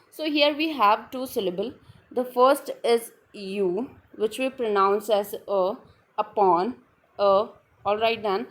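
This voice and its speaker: A woman teaches a literary term in an online class. Her pitch sits in an ordinary middle range. She pauses often, fills gaps with "uh", restarts her phrases, and keeps returning to "all right then". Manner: hesitant, with frequent fillers and restarts.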